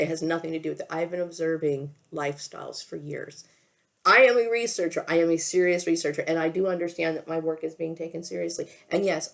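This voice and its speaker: A woman talking straight to camera in a halting, emotional monologue, repeating herself, stopping to say okay, and fighting back tears. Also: sits low, gravelly, a little mellow. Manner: halting, repeats words, often says okay. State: tearful, emotional. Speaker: vlogger.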